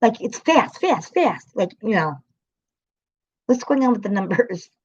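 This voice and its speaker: A woman chats loosely on her own livestream, her sentences full of restarts and her talk broken by laughter and swearing. Her voice sits at a middling pitch. The stream audio comes through dull and lo-fi. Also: big pitch swings, unhurried, a little mellow, breathy edge. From American city. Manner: rambling, chatty, laughs often, swears. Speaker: livestream host. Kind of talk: casual livestream chat.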